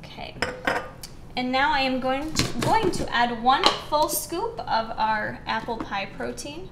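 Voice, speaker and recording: A woman's voice: high voice, measured pace, heavy background noise. A young woman hosting a casual recipe demonstration, chatty and upbeat, with lots of "um" and "like". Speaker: fitness recipe host.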